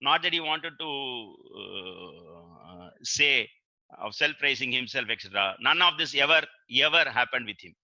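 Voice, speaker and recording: Indian older man reminiscing, bright dry voice. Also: medium pitch, animated, measured pace, no room sound. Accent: Indian English. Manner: earnest storytelling, quotes courtroom exchanges, many filler uhs. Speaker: senior advocate giving a webinar talk. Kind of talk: reminiscing lecture. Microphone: webinar computer mic. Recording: dry muffled webinar audio.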